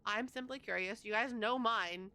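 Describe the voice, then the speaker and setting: A woman's voice: on the high side, normal speed, sharp tone. A young woman hosting a livestream, chatting casually and addressing her chat directly. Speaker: livestream host.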